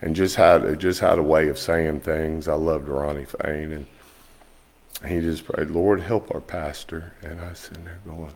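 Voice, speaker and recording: A man preaching a sermon, telling folksy stories in an animated way. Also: measured pace. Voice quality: low gravelly voice. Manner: folksy, animated storytelling, rising high when quoting others. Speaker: pastor. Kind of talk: storytelling sermon.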